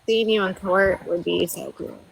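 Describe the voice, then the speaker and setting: A woman in casual chat, asking eager questions over a call. Clear background noise sits under her voice. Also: on the low side, normal speed.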